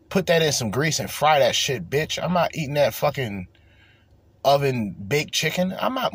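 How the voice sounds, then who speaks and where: A man's voice: mid-range voice, breathy edge, no echo. A man hosting a solo podcast, ranting profanely and breaking into mocking voices. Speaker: podcast host.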